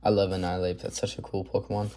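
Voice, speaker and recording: Mellow-voiced man chatting through pack openings. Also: deep voice, little pitch movement, quick pace, a little hiss or hum. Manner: upbeat, chatty, rattles off card names. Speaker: card collector video host. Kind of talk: casual pack-opening commentary.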